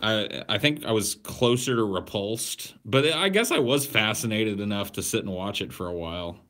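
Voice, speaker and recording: A man in his thirties, a podcast host, answering viewer questions in blunt, profane, deadpan casual chat. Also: on the low side, moderate pace. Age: 30s.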